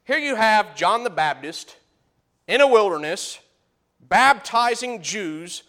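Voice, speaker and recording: A man delivering a sermon in a high-pitched voice. He pushes the scripture readings out loud and emphatic, then sinks into low, hushed explanation. It is a steady teaching preacher's delivery. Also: takes it slowly. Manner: emphatic, swings from loud high bursts to low quiet asides.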